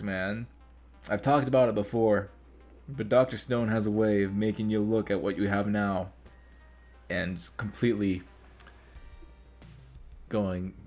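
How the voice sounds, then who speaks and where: A man hosting an anime reaction video, talking in a rambling, excitable way with many restarts. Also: fairly low pitch. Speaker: reaction channel host. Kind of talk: casual anime reaction commentary. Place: home room lit by reaction lamps.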